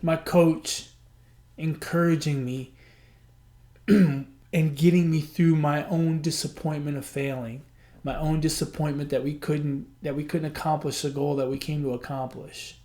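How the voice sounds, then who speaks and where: A man hosting a podcast, telling a personal story in a chatty, animated way and acting out the dialogue. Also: fairly high pitch, a little slow. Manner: animated, acts out quoted dialogue; chatty, frequent "I'm like" and "he goes". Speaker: podcast host. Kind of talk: storytelling monologue.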